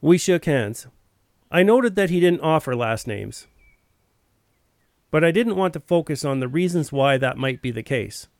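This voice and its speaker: A man's voice: on the high side, animated, measured pace, long pauses, no echo, studio quality. A man telling a first-person story in a plain, wry narrating voice.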